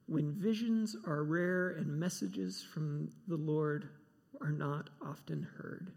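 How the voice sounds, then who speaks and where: A man's voice: a little high, takes it slowly, vocal fry, darkish tone. A man preaching a sermon, emphatic and given to repeating himself. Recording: long hall reverb.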